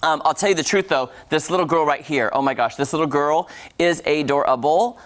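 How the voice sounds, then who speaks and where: A woman's voice: low voice, fairly quick. Chatty woman reviewing shows on morning TV. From Texas. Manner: chatty, animated, talks straight to viewers. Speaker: TV entertainment reviewer. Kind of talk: casual morning-show review.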